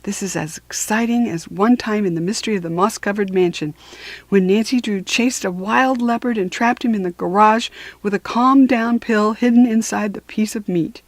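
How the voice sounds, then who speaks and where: A woman reading aloud voices a bossy, confident young girl detective who gives brisk orders in a storybook. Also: medium pitch, dry recording, natural voice.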